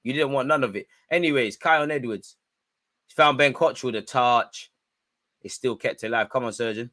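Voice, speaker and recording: A young man hosting a football watch-along, commenting live and shouting at the referee. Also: normal speed. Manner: animated, shouts at the referee, spikes in pitch and volume.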